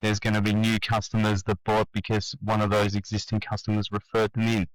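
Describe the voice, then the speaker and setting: A man's voice: fairly low pitch, completely flat delivery, brisk, no echo, poor audio. A man, a marketing agency owner, talking casually as a guest and telling anecdotes. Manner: storytelling, acts out quoted dialogue. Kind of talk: casual interview conversation.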